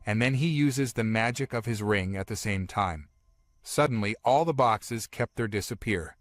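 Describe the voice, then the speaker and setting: A man narrating a comic-book story recap in a plain, steady storytelling manner. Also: fairly low pitch, moderate pace, no echo.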